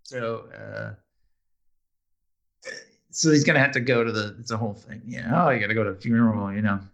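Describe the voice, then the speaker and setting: A man's voice: lowish voice, fairly quick, vocal fry, fairly bright tone. A man co-hosting a casual chat, recapping a TV episode, laughing often and restarting his sentences. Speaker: podcast co-host.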